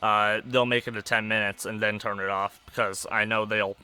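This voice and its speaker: Monotone young man rambling. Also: on the low side, moderate pace, smooth. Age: young adult. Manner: monotone, rambling with many fillers. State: stressed. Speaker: podcast host. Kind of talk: casual personal rambling over a wrestling match.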